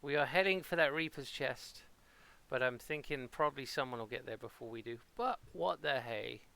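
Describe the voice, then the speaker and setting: A man's voice: medium pitch, moderate pace, creaky, pushed and bright. A man from Portsmouth with a local English accent, rambling playfully and mocking himself as he streams a game at home. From Portsmouth, England. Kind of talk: casual live-stream commentary.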